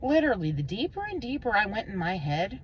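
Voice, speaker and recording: A woman vlogging an emotional personal monologue, intense and rambling, swearing and swinging between low and high pitch. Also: sing-song, fairly quick, husky, highs cut off.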